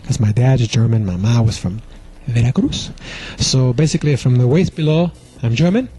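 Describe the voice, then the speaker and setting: A man's voice: mid-range voice, normal speed, mellow, slight background noise. A male comedian delivering a rambling comedy monologue, full of casual asides. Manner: rambling, many filler asides. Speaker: stand-up comedian.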